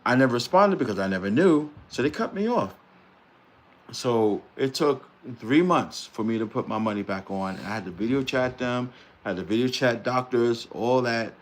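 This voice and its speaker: A man's voice: mid-range voice, animated, moderate pace. A middle-aged man hosting a casual live-stream chat, talking in a loose, rambling way and laughing easily. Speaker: host.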